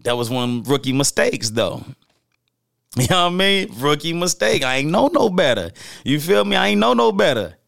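Guy telling old block stories, kinda high gravelly voice, slangy and animated, dry close sound. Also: moderate pace, no room sound. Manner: animated, acts out quoted voices, loose slang-heavy talk with restarts. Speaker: storyteller host. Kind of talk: casual street storytelling.

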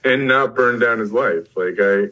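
A man's voice: mid-range voice, unhurried, sharp tone, muffled recording. A man talking as a podcast guest in a loose, joking way, full of fillers like "like" and "you know". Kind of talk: casual podcast chat.

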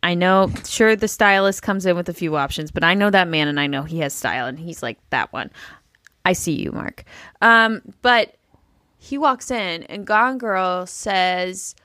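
Female podcast co-host, bright sharp voice, dry close-mic sound, sarcastic and playful. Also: fairly low pitch, moderate pace, no echo. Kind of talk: casual reality TV recap chat.

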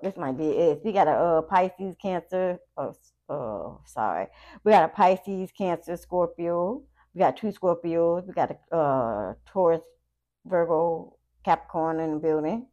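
A woman giving a casual tarot reading to her viewers, talking in a chatty, profane way with animated asides. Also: low voice. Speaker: tarot reader.

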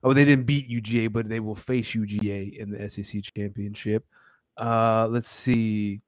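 A man co-hosting a casual sports podcast, running down scores in a relaxed way with fillers. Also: lowish voice, moderate pace, no room sound, clean studio sound. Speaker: podcast co-host.

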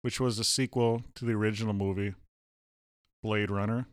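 A man's voice: lowish voice, steady tone, moderate pace, clear, resonant tone, no echo, studio quality. A man co-hosting a casual movie review chat, firing off teasing questions.

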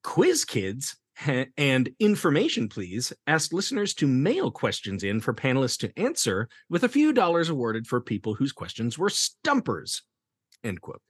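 A man's voice: medium pitch, wildly swooping pitch, normal speed, breathy edge, no room sound, clean studio sound. A man hosting a theater history podcast, chatting casually, laughing often and reading quotes aloud. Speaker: podcast host. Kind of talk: casual chat.

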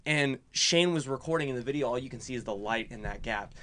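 A young man telling a story in casual, profane chat, getting animated as he goes. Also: mid-range voice, fast talker, crowd noise.

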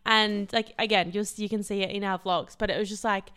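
A woman's voice: mid-range voice, steady tone, fairly quick, fairly bright tone, clear, resonant tone. A young woman co-hosting a podcast, recounting a night out in a breezy, filler-heavy way. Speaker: podcast co-host. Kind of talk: casual chat.

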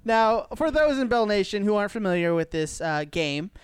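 A man's voice: high-pitched, very animated, normal speed, loud music behind the voice. A man co-hosting a podcast and running its quiz game, easygoing, with hesitant "uh"s. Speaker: podcast co-host and game show quizmaster. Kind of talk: casual chat.

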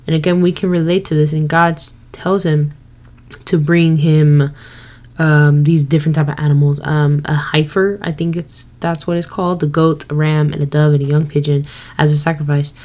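A woman's voice: low-pitched, normal speed. A young woman hosting a faith podcast, retelling a Bible story in a casual, slangy way and acting out what people say. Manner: slangy, lively retelling with quoted voices. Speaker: podcast host.

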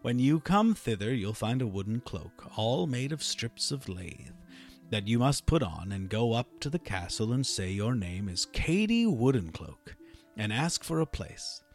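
A man voicing a calm magic bull. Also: mid-range voice, unhurried, soft background music. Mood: instructing. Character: steady, wise male magic bull.

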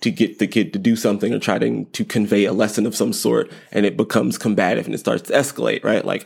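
Low gravelly man giving parenting advice. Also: fairly quick. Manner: rambling, repeats words, light self-deprecating humor. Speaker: podcast host. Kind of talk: casual parenting advice monologue.

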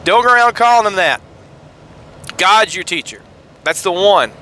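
A man's voice: high voice, animated, normal speed, sharp tone. A man from Georgia, hosting a podcast and commenting on scripture in a fired-up, sarcastic way with rambling asides. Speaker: podcast host.

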